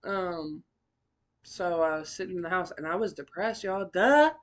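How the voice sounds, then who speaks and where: A young woman hosting a podcast, telling her own story in a blunt, profane, animated way with big swings in pitch and loudness. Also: normal speed. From California. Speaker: podcast host. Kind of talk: candid personal storytelling.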